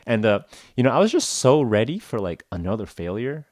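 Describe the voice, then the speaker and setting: In a mid-range voice that moves a little fast, a man narrates a casual story on his podcast for English learners. The sound is clean studio quality with no room sound, and he's animated, acting out dialogue with laughs.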